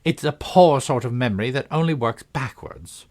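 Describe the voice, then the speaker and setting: A man's voice: medium pitch, expressive, normal speed, darkish tone, voice pushed up, natural voice. A man voicing a flustered, melancholy old queen in a storybook reading, fussy and helpless in manner.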